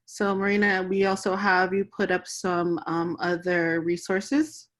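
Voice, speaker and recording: Slow easy woman co-hosting a call, calm, inviting people in. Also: on the low side. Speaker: co-host. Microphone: video call.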